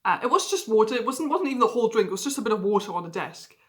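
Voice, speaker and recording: A woman's voice: a little high, big pitch swings, racing. A woman talking openly and personally to camera in a confessional vlog. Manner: candid, emotionally open storytelling. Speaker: vlogger.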